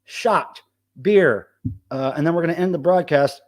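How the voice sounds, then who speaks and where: A man's voice: a little high, a little slow. A middle-aged man hosting a casual live stream, reading the chat aloud and talking loosely with plenty of swearing. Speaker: livestream host.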